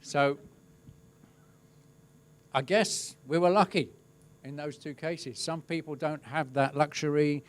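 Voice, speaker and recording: A middle-aged man, a crowd safety specialist, giving a webinar talk with relaxed, wry storytelling. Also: a little high, slow, long pauses. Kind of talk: webinar presentation, telling an anecdote.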